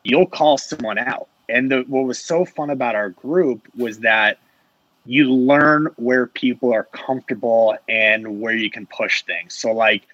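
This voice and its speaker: Bright-toned man, rambling with fillers. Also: medium pitch, a little slow, no room sound, highs cut off. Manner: rambling, heavy on filler words. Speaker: sales manager. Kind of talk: casual panel chat.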